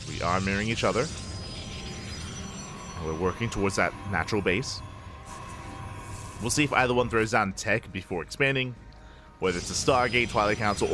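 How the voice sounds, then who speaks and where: A man casting a live strategy game match as host, upbeat and playful, with quick self-corrections and jokey asides. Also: on the low side. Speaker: esports caster.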